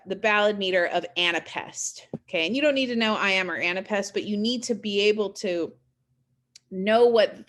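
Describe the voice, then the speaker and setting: A middle-aged woman, a college English instructor, explaining ideas in a recorded video lecture, talking in an explanatory way with frequent fillers and restarts. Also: on the low side.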